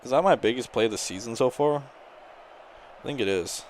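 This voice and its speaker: Excitable man commentating his own gameplay. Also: medium pitch, fairly quick, slight background noise. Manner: excitable, shouts at his players during big plays. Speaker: gaming channel host.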